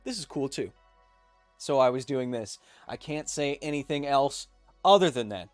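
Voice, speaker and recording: A man's voice: medium pitch, lively intonation, no echo, faint music behind. A man in his thirties hosting a casual live stream, reading viewer comments aloud and joking between them. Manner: joking, reads chat messages aloud with quick asides. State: coughing fits. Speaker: livestream host.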